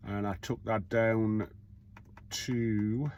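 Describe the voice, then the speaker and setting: A man's voice: on the low side, fairly even intonation, very slow, a little mellow, a little hiss or hum. A middle-aged man, a self-employed courier talking casually in a rambling vlog monologue, blunt and swearing freely.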